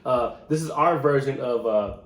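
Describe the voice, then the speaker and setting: A man's voice: mid-range voice, moderate pace, a loud crowd. A man co-hosting a casual podcast at home, laid-back, laughing often and hyping the intro. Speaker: podcast co-host. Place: home room. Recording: echoey room with faint hiss.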